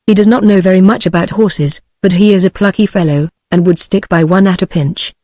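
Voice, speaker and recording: A woman's voice: fairly low pitch, fairly even intonation, a little fast, dark tone, no echo, studio quality, natural voice. A text-to-speech woman's voice with a British accent, voicing a young English officer in a novel, practical and reassuring.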